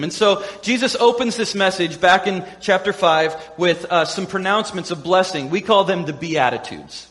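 Male pastor, high voice, playful animated sermon delivery, long hall reverb. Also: moderate pace, hardly any pauses. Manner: animated, acts out quoted voices with humor.

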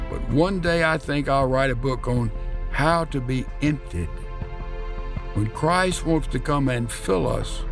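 A man's voice: medium pitch, gravelly. A man preaching a radio sermon, reading scripture aloud and explaining it in an earnest, emphatic way that lingers on key words. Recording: long hall reverb with faint music.

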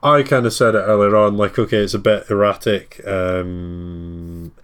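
A man's voice: lowish voice, fairly even intonation, normal speed, smooth. A man hosting a podcast, chatting casually and rambling a little with fillers as he reads out contact details. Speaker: podcast host.

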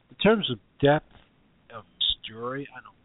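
A man's voice: mid-range voice, expressive, a little slow, dry recording. A man co-hosting a podcast, talking in a keen but hesitant casual chat full of fillers. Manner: enthusiastic, hesitant, many fillers. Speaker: podcast co-host. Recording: dry, phone-like narrow sound.

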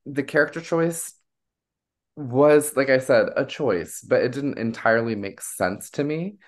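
Candid male podcast guest, mid-pitched. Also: unhurried. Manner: candid, giggly, talks through reactions. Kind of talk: casual chat.

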